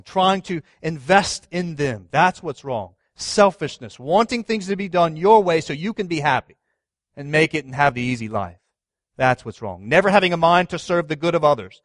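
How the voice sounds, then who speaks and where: A man in his thirties, a pastor preaching a sermon, asking the congregation questions and swinging from loud stress to hushed words. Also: a little high, no room sound, studio quality.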